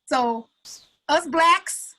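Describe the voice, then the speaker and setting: A high, bright-toned woman talks on a video call from home. She is blunt and exasperated, hitting her points with emphatic force. She sounds animated and plainspoken. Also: very slow, low-quality recording. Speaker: call participant, artist. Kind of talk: candid group video call.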